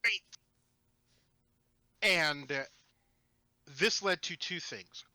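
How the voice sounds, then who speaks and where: A man telling a story from his tabletop game as a podcast guest, animated and rambling with restarts. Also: a little high, very slow, no echo. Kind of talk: casual storytelling chat.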